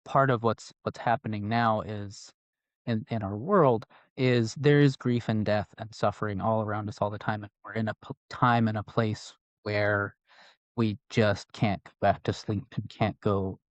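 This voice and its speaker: Reflective man with a low voice. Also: steady tone, no echo, dull audio. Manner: reflective, measured. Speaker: podcast co-host. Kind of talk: casual panel discussion.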